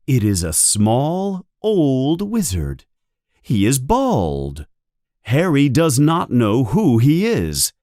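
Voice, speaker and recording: An audiobook narrator reads a storybook for learners, speaking clearly, deliberately and very slowly with pitch that rises and falls widely. His tone is darkish, and the recording is close and dry.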